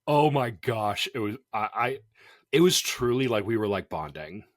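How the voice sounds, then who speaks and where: A man co-hosting a casual podcast, chatty and animated, laughing often. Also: lowish voice, moderate pace, no room sound, clean studio sound. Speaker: podcast co-host.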